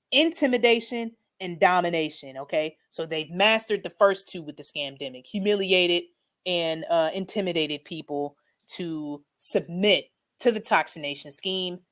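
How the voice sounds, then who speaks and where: A woman's voice: on the low side, fairly bright tone. A woman hosting a casual livestream, commenting emphatically and sarcastically and often tagging her lines with "okay?". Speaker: channel host.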